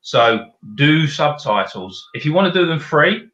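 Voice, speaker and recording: A man's voice: a little high, sing-song, unhurried, fairly bright tone, reverberant, highs cut off. A man with a South London accent, a podcast guest giving practical explanations in casual chat. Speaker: guest, video company director.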